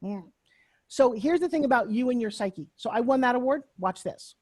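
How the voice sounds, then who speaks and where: A woman's voice: on the high side, lively intonation, normal speed, mellow, no room sound. Brash Long Island woman telling her story. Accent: Long Island New York. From Long Island, New York. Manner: brash, candid, self-mocking, swears freely. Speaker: speaker giving a talk on a video call. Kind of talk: personal storytelling talk. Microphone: computer mic on a video call.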